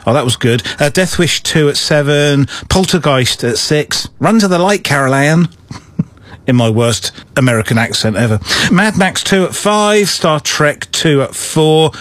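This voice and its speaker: A man's voice: on the high side, lively intonation, normal speed, a bit bright, no room sound. Chatty upbeat male countdown host. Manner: chatty, upbeat, with small asides and fillers. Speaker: radio-style host presenting retro hits. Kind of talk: casual countdown presenting.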